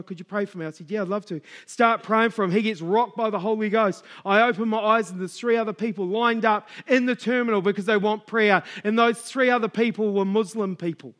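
High-voiced New preacher. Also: male voice. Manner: storytelling, acts out dialogue, rising to loud exhortation. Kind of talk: sermon.

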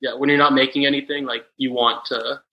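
A man's voice: medium pitch, brisk, highs cut off. A young man in his twenties from Texas, a podcast guest telling rambling casual stories full of fillers. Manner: relaxed, rambling storytelling with many fillers. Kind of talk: casual chat.

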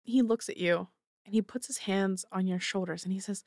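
Woman game master, mid-pitched, loose descriptive narration, dry close mic. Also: normal speed, a little mellow, no echo. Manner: casual, descriptive, many fillers.

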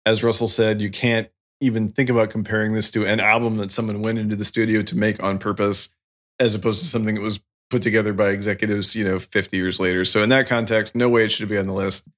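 A man co-hosting a podcast, giving measured opinions in casual chat and thinking aloud. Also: fairly low pitch, little pitch movement, a bit bright. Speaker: podcast co-host.

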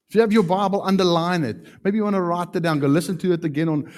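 A man preaching a sermon as pastor, emphatic, with sudden loud peaks. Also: sits high, steady tone, fast talker, few pauses.

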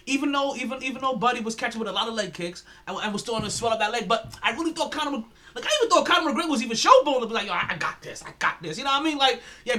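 High, lively sports podcast man. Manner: laughs a lot, does loud mock voices, rambles with restarts. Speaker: podcast host. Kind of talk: casual sports podcast banter.

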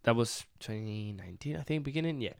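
A man's voice: medium pitch, fast, vocal fry. A man from Spain whose first language is Spanish, a wrestler chatting casually in English with an accent that blends Spanish, British and American sounds, rambling and laughing. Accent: Spanish mixed with British and American. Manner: rambling, animated, laughs often. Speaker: professional wrestler. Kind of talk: casual chat.

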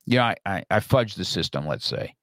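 A middle-aged man with a lowish voice tells a story on a podcast, casual and animated, slipping into the things he once said. The sound is close and dry, with no room around it. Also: normal speed, dry recording. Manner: animated storyteller, acts out his own past lines. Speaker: podcast guest.

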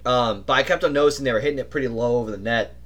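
A young adult man telling stories in casual podcast chat, animated and imitating other people's voices. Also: mid-range voice, rapid-fire. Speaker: podcast co-host.

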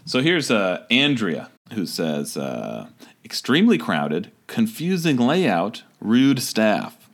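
A podcast co-host with a fairly low voice and huge pitch swings speaks at a slow pace on a comedic show. He reads a review aloud, laughing often and acting out the quoted lines.

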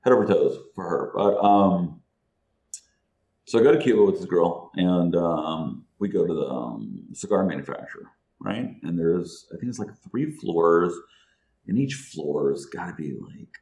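Brief: deep-voiced male guest, loose profane storyteller, laughs through the telling. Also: expressive, measured pace, gravelly, a little mellow, a little hiss or hum. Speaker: guest, entrepreneur. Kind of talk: casual storytelling.

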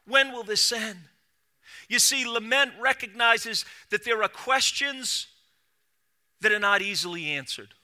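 High, bright-voiced preaching pastor. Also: male voice, lively intonation. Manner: swings from hushed to loud preaching; repeats words in quick restarts. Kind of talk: sermon.

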